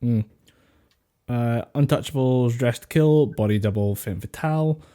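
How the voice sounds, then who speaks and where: Podcast dude on an online call, mellow voice, rambly, swears a lot, laughs all the time. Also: male voice, medium pitch, a little slow, smooth. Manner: swears freely, laughs often, rambling storytelling. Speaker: podcast co-host. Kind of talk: casual chat. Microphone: home mic over online call.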